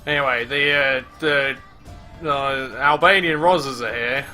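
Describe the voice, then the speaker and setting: A man gives offhand, sarcastic commentary while playing a video game. His voice has a very bright, sharp tone. Faint music plays softly behind him. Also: medium pitch, fairly even intonation, unhurried. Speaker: let's player. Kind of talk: gameplay commentary.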